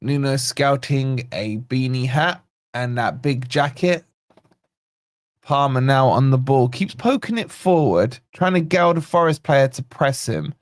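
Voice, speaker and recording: A man hosting a live football watch-along, calling the play and greeting viewers by name in a chatty, excitable way. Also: mid-range voice, measured pace, no room sound, clean studio sound. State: yawning, tired. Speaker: fan channel host.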